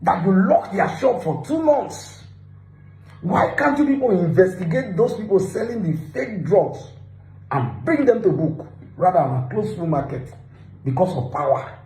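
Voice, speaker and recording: A Nigerian man with a fairly high, mellow voice delivers reaction commentary on the news. He sounds indignant, flips between Pidgin and English and hammers points through repetition. The recording is echoey with a faint hum behind him. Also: very animated, normal speed. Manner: indignant, mixes Pidgin with English, repeats himself for emphasis.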